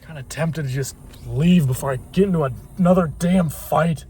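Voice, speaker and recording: A man's voice: fairly high pitch, moderate pace, a little mellow, slightly rough. A man vlogging from his car in a waiting line, grumbling and swearing in irritated rants. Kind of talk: ranting car vlog.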